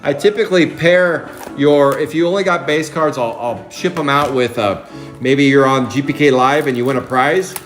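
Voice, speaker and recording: A man hosting a live trading card break, chatting excitably and calling out card names. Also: mid-range voice, normal speed, soft background music.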